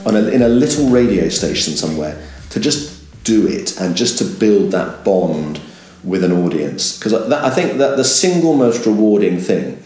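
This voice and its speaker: Older man, deep and animated. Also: moderate pace, echoey room. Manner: animated, jumps to a bright upbeat presenter voice when demonstrating. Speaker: veteran radio presenter. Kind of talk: reflective interview.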